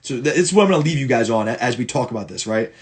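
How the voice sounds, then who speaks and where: Talking very fast and animatedly in a husky, medium-pitched voice, a man breaks down film for his football clients. He's blunt and curses, tripping over himself, restarting often, and repeating words for emphasis.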